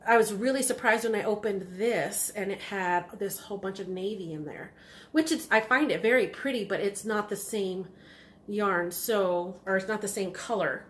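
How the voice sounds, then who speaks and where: A woman hosting a knitting video podcast, chatting casually and excitedly about yarn, rambling with lots of ums and restarts. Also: mid-range voice, moderate pace. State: has the hiccups. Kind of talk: casual chatty show-and-tell.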